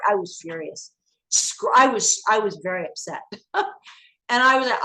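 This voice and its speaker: A woman from the United States, an interview guest, telling past events in an animated, emphatic way with many restarts. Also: medium pitch, normal speed, low-quality recording.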